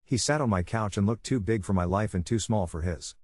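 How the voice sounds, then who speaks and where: A man reading a first-person story aloud in a steady, measured narrating style. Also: on the low side, no room sound, studio quality.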